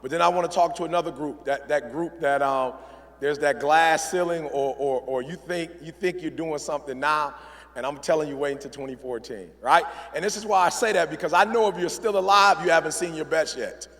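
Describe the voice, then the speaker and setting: A man's voice: on the high side, a little fast, a bit bright. A middle-aged man giving a motivational speech on stage, talking in a punchy, preacherly call-and-response style. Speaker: motivational speaker. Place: large event hall. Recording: long hall reverb.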